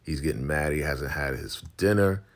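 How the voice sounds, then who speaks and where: A man casually recapping a TV episode in an animated storytelling way, acting out the characters. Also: rumbling low, normal speed. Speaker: YouTube recap host.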